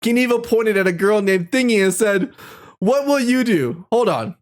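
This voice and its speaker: A woman's voice: medium pitch, animated, moderate pace. A young woman reading an AI-written story aloud, reacting with giggly, shrieking exclamations. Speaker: streamer.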